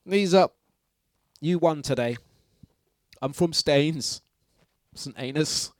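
The breakfast-show host here has a fairly high voice, a slow pace and a slightly mellow quality, recorded dry at studio quality. He chats and laughs with listeners in a playful way, sing-songing announcements as faint music plays in the radio studio.

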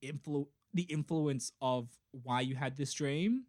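A podcast co-host in casual chat, joking, swearing and riffing with animated energy. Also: medium pitch, measured pace. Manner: animated, jokey, swears freely.

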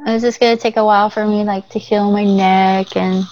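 A woman's voice: medium pitch, level tone, moderate pace, darkish tone, no echo, lo-fi sound. Chatty young woman, laughing guest. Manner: chatty, rambling, laughs often. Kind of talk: casual chat.

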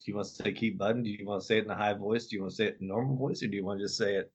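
A man's voice: fairly low pitch, fairly even intonation, very fast, slightly rough. A man co-hosting a podcast in casual chat, loose and profane, rambling with restarts. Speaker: podcast co-host. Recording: dull lo-fi podcast audio.

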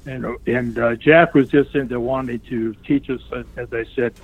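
A man's voice: medium pitch, normal speed. An older man, a retired pro wrestler, telling a long anecdote in an interview and acting out what other people said in a raised voice. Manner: animated storyteller who acts out other people's lines in raised voices. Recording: tinny phone-line sound.

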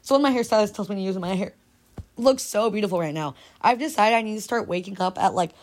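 Fast, rambling young woman podcaster. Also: mid-range voice, a little mellow. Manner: rambling, giggly, trails off into mumbles. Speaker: podcast host. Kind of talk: casual solo podcast chat.

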